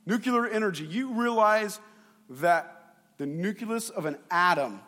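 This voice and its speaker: A male pastor preaching a sermon in a playful, animated way, acting out voices. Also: high-pitched, a little slow, long reverb tail.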